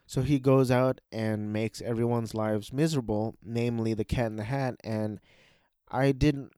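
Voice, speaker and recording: A man's voice: medium pitch, fairly even intonation, normal speed, warm tone, clean tone, no echo, clean studio sound. A man casually reviewing cartoon specials in a rambling, hesitant way, with frequent restarts.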